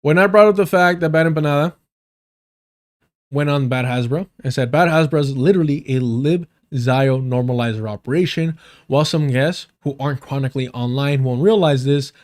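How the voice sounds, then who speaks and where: Guy streamer going off in a heated rant, swears a lot, repeats himself, kinda high voice. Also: darkish tone. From United States. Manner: blunt, profane, repeats lines for emphasis. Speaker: livestream commentator.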